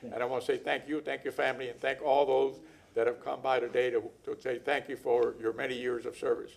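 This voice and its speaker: An older man, a council member, gives measured, folksy tribute remarks in a council chamber, with some dry teasing humor. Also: mid-range voice, flat delivery, vocal fry.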